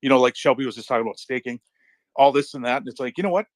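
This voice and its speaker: A middle-aged man chatting casually in a live audio room, telling excitable stories and swearing freely. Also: mid-range voice, racing, no echo. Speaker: crypto community speaker.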